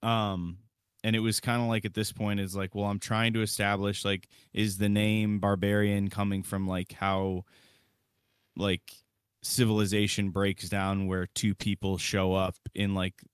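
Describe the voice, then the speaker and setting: A man on a movie review podcast thinks aloud about film meaning in a rambling, thoughtful way. His voice is very low and smooth, and the recording is dry and close with no room sound. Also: no room sound. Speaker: podcast co-host. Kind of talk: casual movie review chat.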